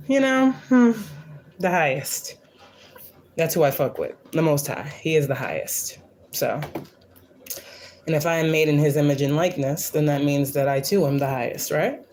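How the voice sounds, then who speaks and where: A woman's voice: low-pitched, expressive, normal speed, long pauses, a little mellow, a little hiss or hum. A woman hosting a casual spiritual livestream, talking in a blunt, profane, preachy and defiant way, often repeating lines for emphasis. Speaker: spiritual reader and livestream host.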